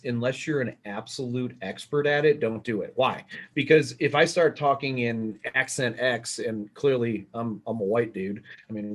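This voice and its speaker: A man moderating a casual online panel, talking with his hands and giving emphatic, animated advice over a video call. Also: medium pitch.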